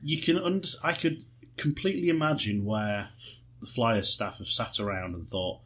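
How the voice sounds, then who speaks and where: A man co-hosting a podcast, chatting in a lively, enthusiastic way and telling anecdotes. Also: medium pitch, moderate pace. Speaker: podcast co-host. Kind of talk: casual chat.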